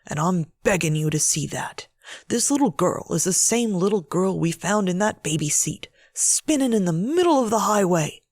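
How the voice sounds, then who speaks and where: A woman voicing a weary husband who pleads in a low, hushed voice to protect a frightened little girl. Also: very animated, a little slow, creaky, husky, dry recording, clean studio sound, exaggerated voice. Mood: hushed, pleading.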